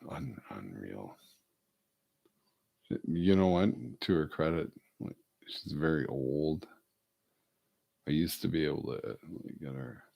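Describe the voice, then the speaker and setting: Low, slow, gravelly-voiced man rambling. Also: lively intonation, darkish tone. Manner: rambling, talks to his dog in a coaxing voice. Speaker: vlogger. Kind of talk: casual talk to camera.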